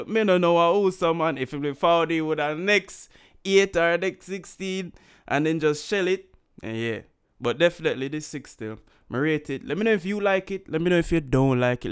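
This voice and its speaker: A man's voice: on the high side, clean tone. A man from Jamaica with a Jamaican accent, chatting casually as he reacts to a song and slipping into patois. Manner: relaxed and chatty, slips into patois, frequent "you understand?". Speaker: music reaction host. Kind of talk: casual music reaction commentary.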